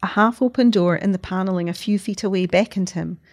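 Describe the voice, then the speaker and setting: A woman narrating a story as an audiobook in a measured, expressive way. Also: medium pitch.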